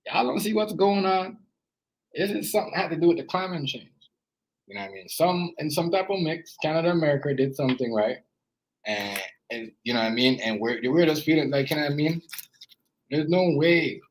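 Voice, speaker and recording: Man, Jamaican accent, husky voice, rambling live-stream chat, repeats himself. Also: on the high side, expressive, fairly quick, rough recording.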